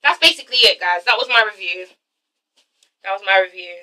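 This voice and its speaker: Far from the mic on a rough recording, a young woman vlogger speaks fairly quickly in a medium-pitched, animated voice that sounds pushed and bright. Her casual ranting review of a reality show episode is sassy and full of swearing, and she imitates the people on the show.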